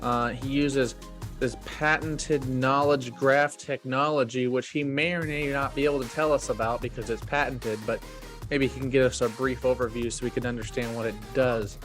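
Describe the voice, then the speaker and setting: A man's voice: medium pitch, normal speed. Man, from the US, podcast host, casual interview, loose delivery with ums, faint music underneath. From United States. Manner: relaxed, filler-heavy delivery.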